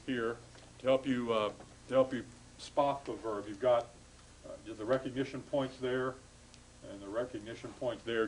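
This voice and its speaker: A man's voice: mid-range voice, a little mellow, slight background noise, low-quality recording. A man giving a classroom lecture to students, explaining patiently with frequent hesitations and restarts.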